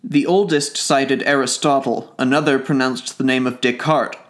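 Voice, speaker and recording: A male audiobook reader telling a classic tale. His delivery is even and clear, at a middling pitch, steady as it moves from one sentence to the next. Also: moderate pace. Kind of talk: classic literature audiobook narration.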